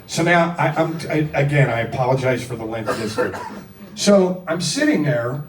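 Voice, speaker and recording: A man from Philadelphia, a rock singer, telling a casual anecdote in an animated, profane, self-deprecating way and acting out the quotes. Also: a little high, measured pace, gravelly, crowd noise, background noise. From Philadelphia, USA. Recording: roomy echo, distant mic, faint music.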